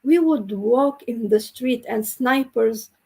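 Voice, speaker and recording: A woman from the Middle East whose first language is not English speaks slowly and earnestly on a video call. Her voice is mellow, husky and gravelly, a little higher than average. She talks in an unhurried, heartfelt way. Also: rough recording. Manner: slow, earnest storytelling. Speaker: co-host. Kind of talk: casual chat, storytelling.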